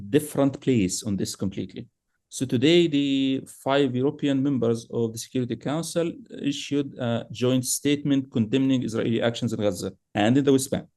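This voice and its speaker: A man giving political commentary on a podcast, emphatic and at times heated, with frequent fillers and restarts. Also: mid-range voice. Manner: emphatic, grows heated and animated. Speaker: podcast guest analyst.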